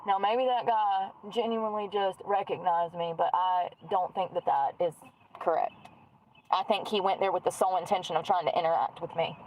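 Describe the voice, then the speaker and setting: A woman's voice: on the low side, normal speed, dull audio, a little hiss or hum. A woman chatting casually while doing her makeup, musing aloud and trailing off mid-sentence. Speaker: streamer.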